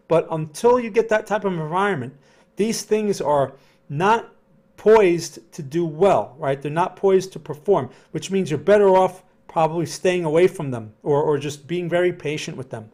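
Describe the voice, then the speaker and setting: A man hosting a live trading stream, speaking slowly and conversationally, repeating words and answering chat comments. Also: on the high side, a little mellow. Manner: conversational, repeats himself, reads chat aloud; slow, deliberate delivery. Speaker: trading educator. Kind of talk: live-stream market analysis.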